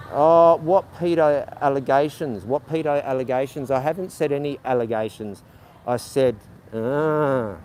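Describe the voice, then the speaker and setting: A man's voice: mid-range voice, a little mellow. A man with a stutter hosting a casual walking livestream, rambling with many ums and firing back sarcastically at his chat. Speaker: livestream host. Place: outdoors on city streets. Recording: faint street noise behind.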